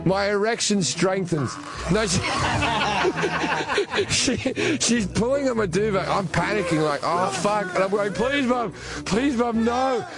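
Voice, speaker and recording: A man with an Australian accent telling a crude stand-up story, shouting out the quoted lines. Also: high voice. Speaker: comedian. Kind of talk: stand-up comedy bit.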